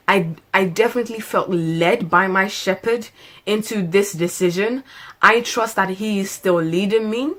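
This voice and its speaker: Talking casually to camera, this lifestyle vlogger in her late twenties has a medium-pitched, fairly bright voice. Frequent laughter, drawn-out words for emphasis, and a habit of sliding into preachiness mark her delivery.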